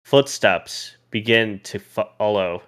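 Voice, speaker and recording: A man's voice: lowish voice, slow pace, fairly bright tone. A man narrating a tabletop role-playing game as game master, in a casual, loose way that thinks aloud.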